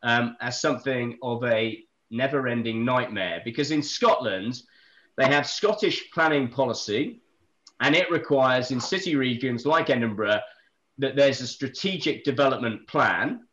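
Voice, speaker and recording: A man on a planning discussion panel, talking through appeal decisions in a dry, joking but brisk factual way. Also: medium pitch, fairly bright tone, lo-fi sound. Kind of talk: casual expert discussion.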